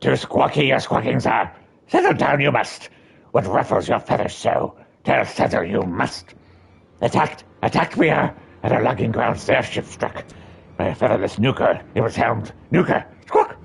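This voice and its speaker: A man voicing a proud, excitable male birdman from a game who squawks and talks in backwards word order. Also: mid-range voice, normal speed, gravelly, husky, full character voice. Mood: agitated. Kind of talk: reading game dialogue aloud.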